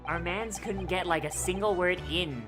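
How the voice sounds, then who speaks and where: A young woman hosts a game stream, her voice sitting low as she jokes and swears between reading out the characters' lines. She slips into playful voices for the dialogue. Game music plays clearly behind her. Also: normal speed. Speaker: VTuber streamer.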